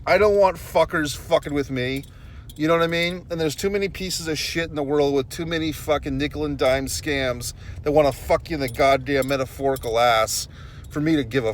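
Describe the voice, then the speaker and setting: A man's voice: on the high side, a little hiss or hum. A man vlogging outdoors, telling a story in a blunt, profane, exasperated way straight to his viewers. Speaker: YouTube vlogger. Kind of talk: casual rant to camera.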